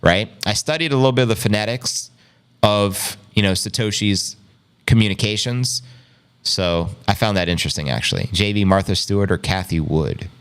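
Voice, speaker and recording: A man's voice: fairly low pitch, moderate pace, fairly bright tone, clear, resonant tone. A man hosting a casual livestream, reading viewer comments aloud with playful, joking banter and frequent laughs. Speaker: host.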